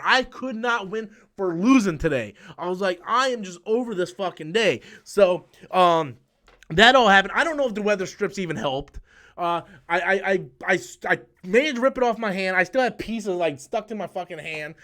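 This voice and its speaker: Young male vlogger, high-pitched, casual and swearing, restarts his sentences often; storytelling rant. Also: animated, moderate pace, pushed and bright. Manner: profane, rambling, with frequent restarts. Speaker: YouTube channel host.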